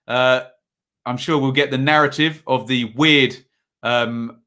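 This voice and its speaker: A man's voice: mid-range voice, steady tone, takes it slowly, bright, forceful tone, clean tone. A man hosting a casual football preview livestream, chatty and reading viewer comments aloud with lots of filler words.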